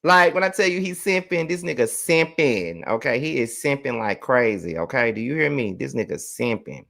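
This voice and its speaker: A man runs a celebrity gossip commentary in a blunt, profane, mocking way. He hammers his points home by repeating them with lively emphasis. His mid-pitched voice sounds close and dry, with no room echo. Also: moderate pace, gravelly.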